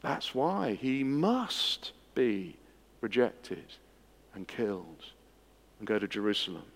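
A man preaching an expository sermon, swinging from hushed moments to emphatic ones. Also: on the low side, sing-song, slow. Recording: long hall reverb.

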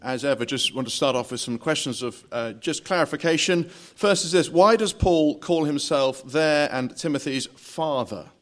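A man moderating a church Q&A, reading out audience questions in a measured, plain way. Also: a little high.

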